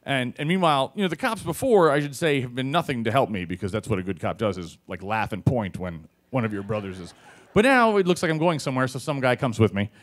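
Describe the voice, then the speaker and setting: Animated man telling a story on stage. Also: mid-range voice, fast talker. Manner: animated, conversational, profane, many fillers. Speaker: police officer telling a personal story. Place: storytelling stage before a live audience.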